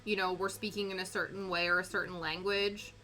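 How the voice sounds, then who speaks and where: Bright-voiced Canadian woman chatting. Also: mid-range voice, little pitch movement, fairly quick. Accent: English Canadian. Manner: chatty, laughs often, answers chat. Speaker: streamer. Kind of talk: casual chat while crafting. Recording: soft music under the voice. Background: quiet background music.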